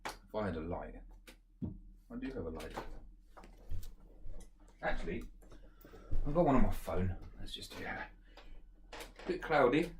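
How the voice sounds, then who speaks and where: A man giving a casual beer review, talking in a relaxed, rambling way and thinking aloud with fillers as he tastes. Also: on the low side, measured pace, pauses often, background noise. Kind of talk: casual beer tasting chat.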